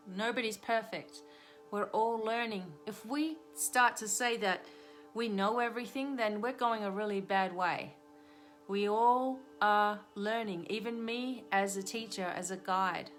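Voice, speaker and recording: A woman's voice: medium pitch, fairly bright tone. A middle-aged woman, a spiritual reader and hypnotherapist, giving a live-streamed tarot reading in an earnest, repetitive coaching tone. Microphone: webcam or phone on a live stream.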